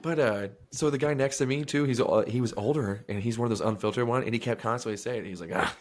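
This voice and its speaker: A young man hosting a podcast, telling profane, animated stories in casual chat, often acting out other people's lines. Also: mid-range voice, fast talker. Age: young adult. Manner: profane, animated storytelling with voiced quotes. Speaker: podcast host.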